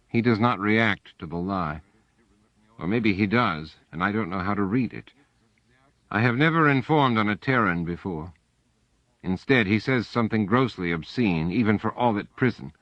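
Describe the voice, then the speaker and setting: A male audiobook narrator reading first-person narration at a very unhurried pace in a low register. His delivery is measured and even, and the recording sounds dull and muffled with a dry, close sound. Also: no echo.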